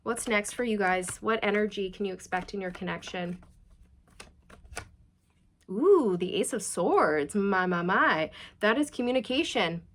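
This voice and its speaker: A woman's voice: mid-range voice, measured pace, slight background noise. Chatty woman giving a tarot reading. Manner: chatty, animated, reassuring. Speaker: tarot reader. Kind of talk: channeled tarot reading to camera.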